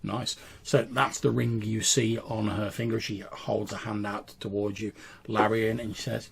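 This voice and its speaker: A man running a tabletop role-playing game, narrating scenes and characters with small pauses and restarts. His voice sits low, gravelly and husky. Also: little pitch movement, fairly bright tone. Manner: descriptive, hesitant. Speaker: game master.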